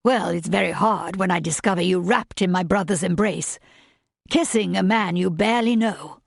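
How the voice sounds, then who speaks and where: A woman's voice: fairly low pitch, moderate pace, vocal fry, dry recording, studio quality. A woman voicing a stern, indignant master of the house who questions sharply in an audiobook.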